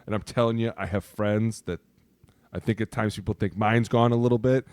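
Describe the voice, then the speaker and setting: A man's voice: fairly low pitch, brisk, smooth, no echo. A middle-aged man, a former football lineman, chatting casually and acting out quotes in his stories. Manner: animated storyteller, acts out quotes, says "right?" a lot. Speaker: podcast guest, former NFL offensive lineman. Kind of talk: casual sports chat.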